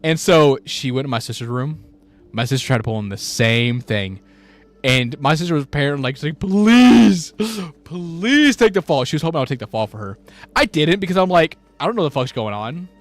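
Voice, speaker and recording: A young man in the middle of his voice range, rambling through a story. He stops and restarts often and jumps into the voices of the people he quotes. A little music plays quietly underneath. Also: mid-range voice, animated, quick pace, no room sound. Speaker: podcast co-host. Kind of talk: casual storytelling chat.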